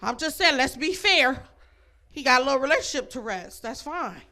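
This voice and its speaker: A woman's voice: high-pitched, lively intonation, moderate pace, pushed and bright. A woman doing a stand-up comedy set, brash and laughing between her jokes, on a comedy club stage.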